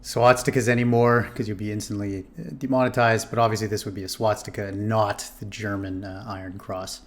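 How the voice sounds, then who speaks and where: A man hosts a reaction video and comments casually on a history clip. He rambles, stops to correct himself and fills gaps with lots of ums. His voice sits a little low. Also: level tone, brisk. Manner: rambling, self-correcting, many fillers.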